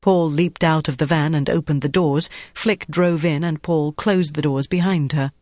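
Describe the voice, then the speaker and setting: Steady audiobook narrator, dry close sound. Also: medium pitch, moderate pace, no room sound. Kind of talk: scripted narration.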